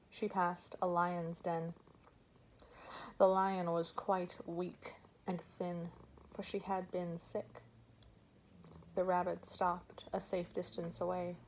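Brief: calm woman storyteller, unhurried reading, lowish voice. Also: creaky, a little hiss or hum, low-quality recording. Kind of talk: read-aloud storybook narration.

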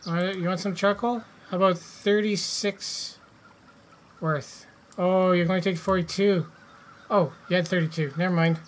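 A man's voice: sits high, steady tone, measured pace, a little hiss or hum. A man hosting a casual let's-play, joking, swearing and reading game text aloud. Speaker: gaming channel host.

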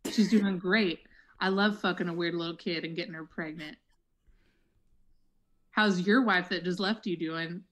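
On an online improv comedy show, a woman plays a smug, boastful male tech billionaire with a put-on South African accent, sounding mocking. Her voice is lowish, steady, a bit bright, and natural, at normal speed with frequent pauses, picked up by a computer mic on a video call.

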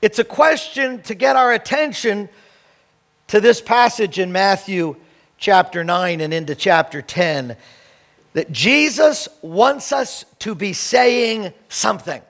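A middle-aged man preaching as pastor, telling stories in a lively way and acting out greetings, then leading a reverent prayer. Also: sits high, slow, creaky. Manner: animated storytelling, acts out greetings. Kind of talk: sermon.

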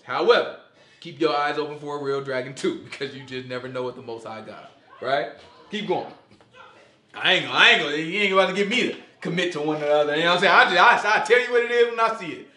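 Animated high-voiced man teaching scripture. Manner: animated, acts out scenes in quoted voices. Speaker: teacher leading a Bible study. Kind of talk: informal Bible teaching. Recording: echoey room.

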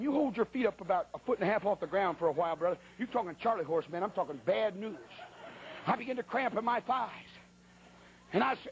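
A man preaching a sermon, telling a comic story with folksy, animated, exaggerated delivery. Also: high voice, vocal fry, slight background noise, rough recording.

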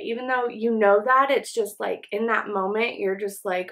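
A woman's voice: medium pitch, fairly even intonation, moderate pace, few pauses, a bit bright. A young woman chatting casually while doing her makeup, rambling with lots of fillers like "um" and "you know.". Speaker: beauty vlogger. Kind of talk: casual get-ready-with-me chat. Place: home, indoors.

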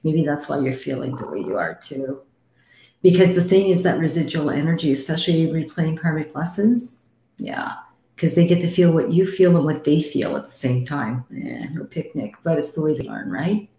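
Blunt, low-voiced woman psychic host. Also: expressive, moderate pace, warm tone. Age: middle-aged. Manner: blunt and frank, swears, calls callers sweetie. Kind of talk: live call-in reading show. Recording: roomy echo.

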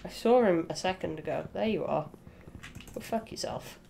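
A woman co-hosting a game stream, chatting casually, excitable and quick to laugh and swear. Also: fairly low pitch, vocal fry, a little hiss or hum. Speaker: co-host gaming streamer. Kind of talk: casual gameplay banter.

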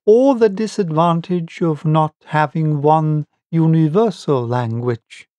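A man doing a calm, philosophical servant. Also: a little high, no echo. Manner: calm, measured. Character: calm, philosophical male manservant.

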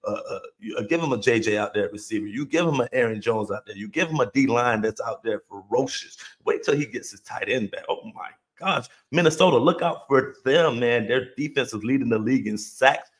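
A man of middle pitch hosting a sports talk podcast. He talks emphatically and casually, hammering points home by repeating phrases and dropping the odd curse. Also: animated, fairly quick, few pauses. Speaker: podcast host.

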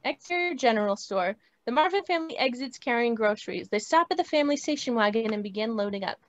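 A woman reading stage directions at a script table read, in a plain, steady way, over a video call. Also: a little high, quick pace. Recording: dry, muffled lo-fi audio.

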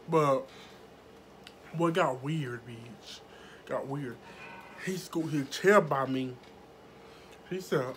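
A woman vlogger telling a story to her viewers in a casual, animated way, swearing freely. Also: low voice, takes it slowly, pauses often, slight background noise. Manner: animated, profane, talks straight to viewers.

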